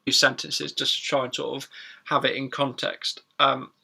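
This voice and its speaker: A man teaching pronunciation in a chatty live stream, repeating words slowly for learners. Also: mid-range voice, flat delivery, vocal fry, bright, forceful tone, slightly rough. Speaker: English teacher.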